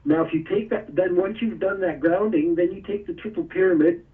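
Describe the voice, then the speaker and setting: A man's voice: high-pitched, fairly quick, far from the mic, narrow, tinny audio. A man being interviewed, explaining step by step with a few chuckles. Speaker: guest, energy tool maker. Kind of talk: casual interview.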